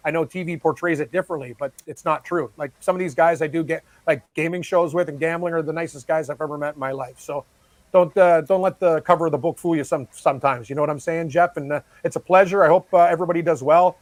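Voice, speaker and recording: Male guest, sports gambling pundit, high-pitched voice, dry close sound, energetic rambling. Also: no room sound. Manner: excitable, fast-rambling, laughs easily. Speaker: sports betting analyst guest. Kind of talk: casual chat.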